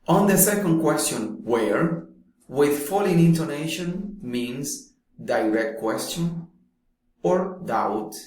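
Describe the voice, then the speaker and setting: A man teaching pronunciation in a slow, deliberate way, pausing often between phrases. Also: on the high side, expressive, a little mellow. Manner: slow, deliberate, drawn-out speech with long pauses. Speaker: English teacher. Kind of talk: slow explanatory lesson. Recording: very echoey room.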